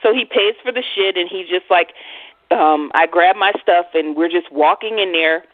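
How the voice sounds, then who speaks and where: A woman host telling a personal story in a blunt, profane, animated way on a casual radio chat. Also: fairly low pitch, normal speed, dry recording. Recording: tinny phone-like, dry sound.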